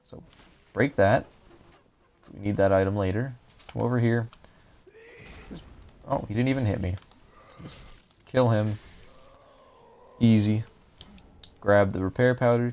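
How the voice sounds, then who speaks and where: A man's voice: low-pitched, creaky, a little mellow, a little hiss or hum. A young man casually talking viewers through a game walkthrough, explaining each step as he plays, his voice a little dry. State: voice drying out. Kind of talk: casual gameplay commentary.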